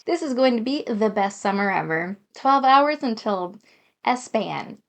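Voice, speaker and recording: A woman's voice: fairly high pitch, expressive, a little slow. A woman reading a dating game aloud and commenting in a chatty, self-deprecating, giggly way. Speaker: gaming YouTuber.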